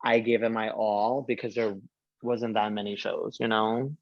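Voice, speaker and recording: A drag performer from Brooklyn, chatting in a sassy, slangy way and laughing often. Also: male voice, on the low side, little pitch movement, normal speed, creaky, no echo, lo-fi sound. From Brooklyn, New York. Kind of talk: casual podcast chat.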